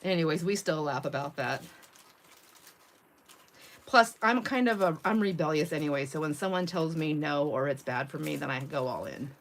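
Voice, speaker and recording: A middle-aged woman with a low voice and moderate pace hosts a craft livestream, chatting casually while she works. She tells stories in a chatty way, laughs often and acts out the quotes.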